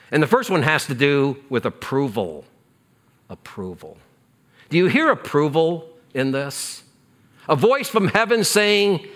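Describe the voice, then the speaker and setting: A man delivering a church sermon in a slightly high, bright voice. His pitch rises and falls dramatically as he repeats phrases for emphasis. At the key lines he sinks almost to a hush. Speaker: pastor.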